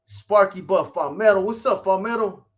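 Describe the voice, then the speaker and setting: Brief: middle-aged male live-stream host, slightly high voice, profane street slang, rambling shout-outs. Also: moderate pace. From California. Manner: rambling, shouting out viewers by name. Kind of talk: casual live-stream chat.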